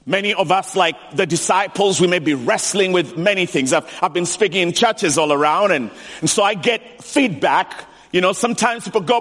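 A man preaching a sermon in a church, animated and emphatic, repeating key lines for weight. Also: high voice, moderate pace, few pauses. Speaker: pastor. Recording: long reverb of a large hall.

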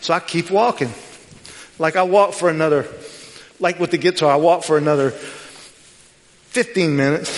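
A middle-aged man preaching a sermon, telling a personal story with lively quoted dialogue. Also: on the high side, normal speed, pauses often. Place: church sanctuary. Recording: long hall reverb.

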